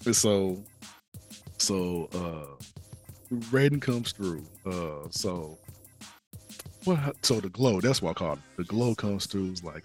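A man's voice: low voice, expressive, takes it slowly, soft background music. A man co-hosting a podcast, casually retelling a game's story in slangy talk and acting out the characters' lines. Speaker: podcast co-host.

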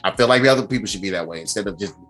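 A man hosting a podcast in casual chat, animated and profane, laughing often. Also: deep voice, rapid-fire, soft background music. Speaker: podcast host.

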